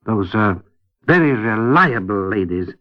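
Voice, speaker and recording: A man talking as a guest on a radio discussion, hesitant and wry, full of pauses and restarts, on a dull old radio recording. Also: fairly low pitch, expressive. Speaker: guest commentator.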